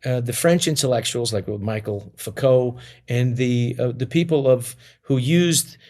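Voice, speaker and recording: A man's voice: medium pitch, unhurried, a little mellow. A middle-aged man being interviewed as a comedian guest, telling stories in a rambling way with many restarts and fillers. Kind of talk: casual interview storytelling.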